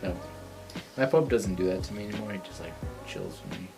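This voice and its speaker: A man with a fairly low voice, chatting as a podcast guest in a laid-back way with short, easygoing replies. Clear music plays under him. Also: fairly quick. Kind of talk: casual chat.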